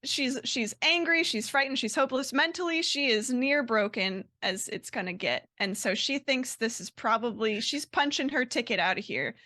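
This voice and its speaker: A woman's voice: on the high side, normal speed, hardly any pauses, no room sound, clean studio sound. A woman describing her character's actions in a tabletop game, casual and rambling with many fillers. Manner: rambling, filler-heavy, animated. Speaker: player.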